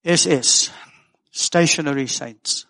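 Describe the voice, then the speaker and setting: A man's voice: fairly high pitch, takes it slowly, vocal fry, bright, forceful tone. An older man preaching a sermon as pastor, folksy and earnest with joking asides.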